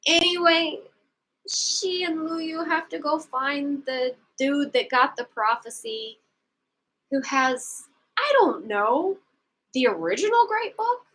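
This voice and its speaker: A woman's voice: sits high, expressive, takes it slowly, a bit bright, rough recording. A woman co-hosting a casual book club livestream, rambling through a plot recap with asides and chuckles, sometimes acting out the characters' lines.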